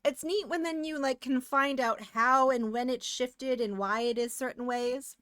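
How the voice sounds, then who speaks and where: A woman's voice: sits high, normal speed, fairly bright tone, clean tone, dry recording, studio quality. An American woman streaming live, chatting casually and giggling while she works. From United States. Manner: chatty and giggly, hums and sings along.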